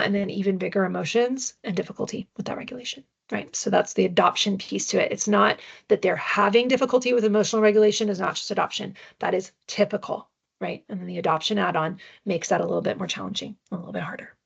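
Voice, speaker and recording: A woman's voice: mid-range voice, vocal fry, dull audio. A woman presenting a parenting webinar with slides, talking conversationally and often checking in with tag questions. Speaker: adoption parenting educator.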